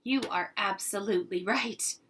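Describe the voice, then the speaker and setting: A woman's voice: mid-range voice, measured pace, a bit bright, far from the mic, slight background noise, close to an everyday voice. A woman doing an exasperated scolding mom. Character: flustered mother of young boys. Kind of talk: children's read-aloud.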